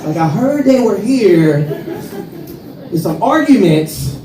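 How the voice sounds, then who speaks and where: A man with a St. Louis accent doing a stand-up comedy set, animated, swinging between loud and soft and acting out characters. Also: high voice, takes it slowly, a faint crowd. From St. Louis, USA. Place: comedy club stage with audience. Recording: roomy club sound from a distance, audience noise.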